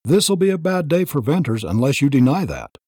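A man's voice: fairly high pitch, sing-song, a little fast, darkish tone, breathy edge, no echo, clean studio sound, pitched above the performer's own voice. A man doing a harsh domineering elder. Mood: threatening. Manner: harsh, commanding, clipped threats. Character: stern jealous male church elder, harsh, domineering. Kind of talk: audiobook reading.

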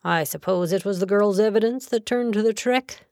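A woman's voice: medium pitch, normal speed, a little mellow, no room sound, pitched above the performer's own voice, natural voice. A woman voicing a grey-bearded senior male solicitor, loyal and curt, in an audiobook. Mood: earnest. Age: older. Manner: curt, earnest.

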